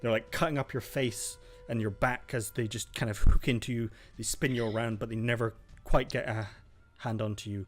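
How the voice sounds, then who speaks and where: A man narrating as game master of a tabletop game, describing the action in a calm, descriptive way. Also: mid-range voice, moderate pace, few pauses, soft background music.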